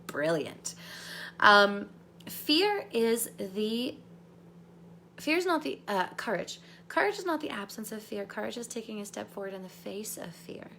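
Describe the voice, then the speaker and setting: A woman's voice: medium pitch, big pitch swings, measured pace, gravelly, bright, forceful tone. A woman life coach talking viewers through a guided visualization and chatting with them live. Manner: bubbly, laughs often with viewers.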